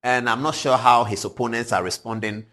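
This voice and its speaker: A man in his forties with a Ghanaian English accent, hosting a TV show, telling stories with animated energy and frequent chuckles. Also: mid-range voice, fairly quick. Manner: animated, chuckling, swings from loud to hushed. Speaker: TV show host. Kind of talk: lively commentary and storytelling. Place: TV studio.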